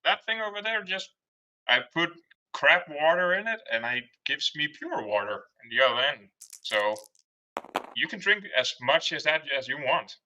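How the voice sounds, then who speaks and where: A friendly, proud innkeeper, played by a man at a tabletop game in a sharp, very bright voice. He sounds hospitable and easy. The audio is dull and lo-fi. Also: fairly high pitch, animated, normal speed, pitched above the performer's own voice. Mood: welcoming. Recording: dull lo-fi recording.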